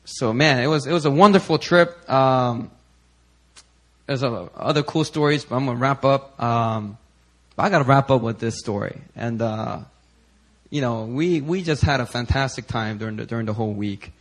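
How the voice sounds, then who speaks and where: A male pastor preaching in a conversational storytelling way, full of "you know" fillers and growing animated. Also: medium pitch, moderate pace. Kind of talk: sermon storytelling.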